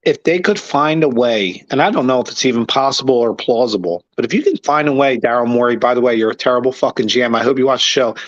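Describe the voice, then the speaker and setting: A man's voice: mid-range voice, quick pace, hardly any pauses. A man co-hosting a casual sports podcast, talking in an emphatic, blunt way and hammering his points. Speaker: podcast co-host. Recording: dull lo-fi audio.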